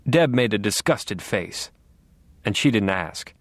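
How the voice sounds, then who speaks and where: A man's voice: on the low side, animated, slow pace, no room sound. Wry, dry male audiobook narrator. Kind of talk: first-person audiobook narration.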